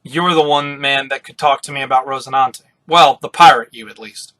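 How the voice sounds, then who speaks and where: A man voicing a gruff, older retired navy officer while reading a comic aloud, in a blunt, matter-of-fact way. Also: mid-range voice, normal speed, bright, forceful tone, lightly acted.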